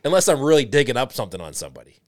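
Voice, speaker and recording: A man's voice: medium pitch, very animated, darkish tone, dry recording. Chatty podcast host man, dry sound. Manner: chatty, reacts with quick laughs and praise. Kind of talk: casual interview chat.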